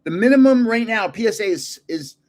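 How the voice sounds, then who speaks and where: Lively, chatty older man. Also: high-pitched, a little fast. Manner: rambling, chatty storyteller who laughs at his own jokes. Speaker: card collector channel host. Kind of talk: casual chat while opening cards.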